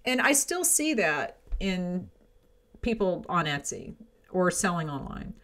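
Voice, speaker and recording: A woman's voice: fairly low pitch, very animated, normal speed, a bit bright. A middle-aged woman hosting a home business podcast, giving frank, chatty advice with frequent "right?" and "okay?" asides. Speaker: podcast host. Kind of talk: casual advice talk.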